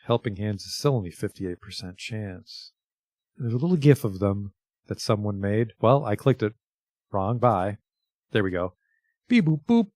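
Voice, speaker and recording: A man's voice: on the low side, a little mellow, no echo. A man streaming a video game, chatting casually, reading item descriptions aloud and swearing now and then. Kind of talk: casual livestream commentary.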